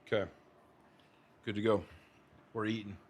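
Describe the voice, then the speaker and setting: In this casual cooking vlog, a young man from the US plates food at home and talks easily with his partner and the audience. His voice sits fairly low, with an even tone and a measured pace.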